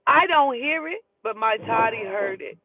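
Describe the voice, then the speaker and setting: A woman telling a heated, profane story in an emphatic, animated way. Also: on the high side, moderate pace, creaky, slight background noise. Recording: tinny phone-like sound.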